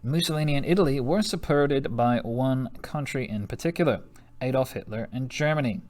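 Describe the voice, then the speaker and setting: A man's voice: mid-range voice, brisk, a little mellow. Jokey, laughing male history teacher. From United States. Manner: jokey, chatty, laughs often, slangy asides. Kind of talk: recorded classroom lesson.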